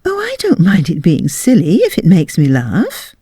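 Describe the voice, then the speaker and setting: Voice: wildly swooping pitch, normal speed, mellow, no echo, clean studio sound. A reader voicing a young lady on a train, coy and easily frightened, in a raised voice. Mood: curious. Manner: high, breathy coy lines.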